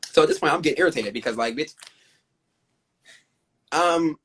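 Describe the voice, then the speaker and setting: Recounting events with heavy drama, a male host spins a profane, animated story in a casual live-stream chat. He speaks at normal speed in a fairly high, husky voice.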